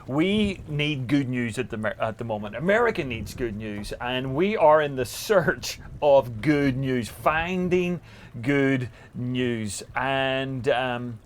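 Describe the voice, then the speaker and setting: A man with an Irish accent, hosting a casual interview outdoors on a boat at sea, animated and jokey. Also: mid-range voice, slow, slight background noise. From Ireland. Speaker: host.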